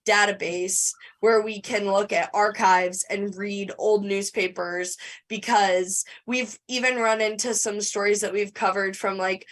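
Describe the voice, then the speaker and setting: A woman's voice: medium pitch, steady tone, measured pace, distant mic. A woman podcast co-host chatting casually in an interview, rambling with many fillers and restarts.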